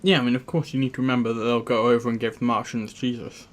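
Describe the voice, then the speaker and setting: A young man co-hosts a casual chat at an everyday middle pitch. He chimes in briefly and mostly agrees with the others. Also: level tone, quick pace. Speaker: podcast co-host.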